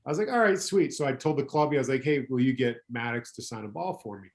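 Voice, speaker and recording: A middle-aged man, a former pro pitcher, telling anecdotes as a podcast guest in a rambling way, correcting himself as he goes. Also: fast talker, darkish tone. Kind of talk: casual storytelling chat.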